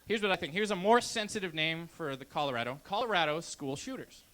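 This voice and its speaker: A young man from Canada doing a brash, deadpan stand-up comedy set on a club stage into a handheld mic. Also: on the high side, a little fast.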